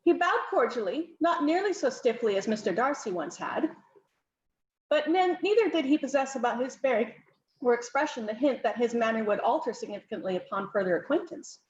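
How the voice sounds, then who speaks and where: A woman's voice: on the high side, animated, brisk, echoey room, highs cut off, slight background noise. A woman author reading her own novel aloud in an informal, non-professional way. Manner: informal, self-correcting reading.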